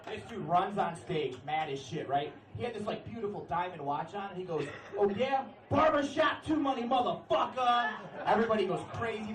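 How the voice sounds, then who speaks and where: A brash young stand-up comedian works a set on a club stage, his voice pitched high for a man and often leaping into shouted, announcer-style bits. Recorded from a distance, he sounds roomy and a little off-mic, and loud crowd laughter keeps cutting in.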